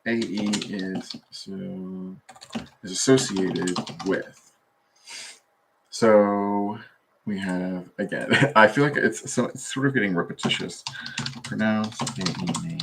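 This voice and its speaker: A man with a somewhat low voice talks in a loose, wandering way on a solo stream, full of fillers and half-finished thoughts. He speaks from his desk at a computer. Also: background noise. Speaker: vlogger. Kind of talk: rambling solo livestream talk.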